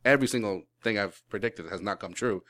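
A man's voice: lowish voice, a little fast, pushed and bright, no echo. A male podcast host in casual sports chat, rambling with lots of restarts and the odd swear word.

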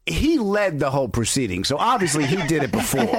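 A man's voice: normal speed, breathy edge. A man hosting a casual comedic chat, telling stories and cracking jokes. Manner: storytelling, wisecracking, lively pitch swings. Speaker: podcast host.

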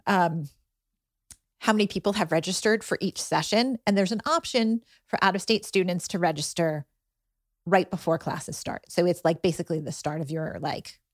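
A middle-aged woman, a guest on a chat show, telling animated stories about her son with exasperated asides. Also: lowish voice, moderate pace, no echo, clean studio sound. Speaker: podcast guest, parent. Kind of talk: casual chat.

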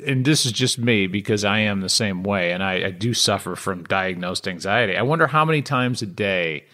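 A man's voice: fairly low pitch, lively intonation, normal speed, sharp tone, no room sound, clean studio sound. A man co-hosting a podcast, chatting in a wry, joking way. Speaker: podcast co-host. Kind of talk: casual chat.

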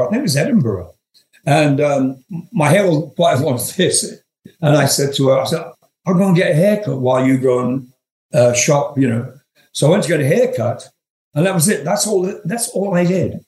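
A man's voice: on the high side, a little mellow. Chuckling older man in a roomy echo. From England. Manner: chuckling, profane, rambling anecdotes. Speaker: guest. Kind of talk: storytelling interview.

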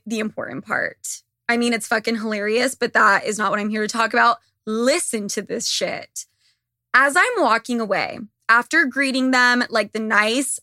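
Recorded dry with studio quality, this young podcast host talks to her listeners in a casual monologue, her voice on the high side, bright and forceful. She's blunt, gossipy, and swears a lot, and her voice is a bit worn because she's losing it.

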